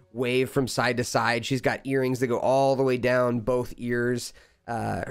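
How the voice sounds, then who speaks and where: A man's voice: mid-range voice, clean tone. A man running a tabletop game as game master, describing scenes loosely with fillers. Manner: relaxed, with filler words and laughs.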